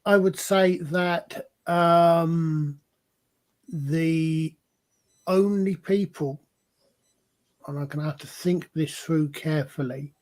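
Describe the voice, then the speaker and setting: A man from England with a high-pitched voice talks in a casual panel discussion. He is hesitant, stammers as he starts his points, and weighs each word before going on. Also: fairly even intonation, slow pace, long pauses, darkish tone. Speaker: podcast panelist.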